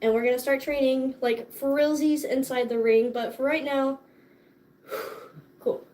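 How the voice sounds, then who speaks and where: A woman's voice: high voice, fairly even intonation, unhurried, a little mellow. A young woman hosting a casual livestream, chatting in a bubbly, profane way and laughing often, tired and sore after dance class. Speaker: livestream host.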